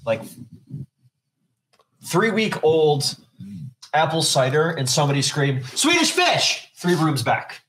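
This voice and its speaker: Joking co-host over faint hiss. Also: male voice, fairly high pitch, takes it slowly, long pauses, poor audio. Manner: joking, teasing. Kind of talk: casual banter. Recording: faint background noise.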